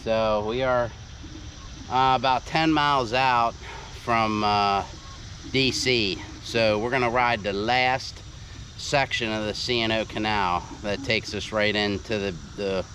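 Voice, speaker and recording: An American man vlogging outdoors on a bike trail, halting with lots of fillers, a bit out of breath. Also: on the low side, fairly even intonation, pushed and bright. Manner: rambling, halting, with many fillers. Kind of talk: casual outdoor vlog narration. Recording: heavy wind noise on outdoor mic.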